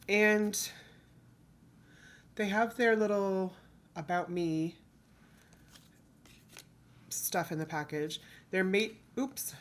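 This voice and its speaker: A woman's voice: mid-range voice, slight background noise. A woman from the United States chatting casually as she shows off her thrift finds, rambling and correcting herself as she goes. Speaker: thrift reseller vlogger. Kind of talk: casual haul chat.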